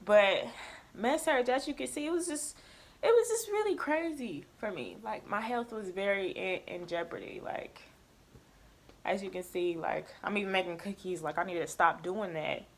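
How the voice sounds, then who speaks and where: A young woman in nursing school speaks in a mid-range voice at a moderate pace, candidly retelling a story in a casual chat. She swears a lot and keeps things animated.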